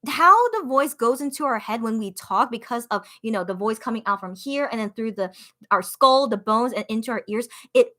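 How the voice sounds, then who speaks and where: A young woman hosting a casual livestream, reading viewer comments aloud in a chatty, upbeat way with lots of fillers and sudden high excited bursts. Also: moderate pace. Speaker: livestream radio-style host.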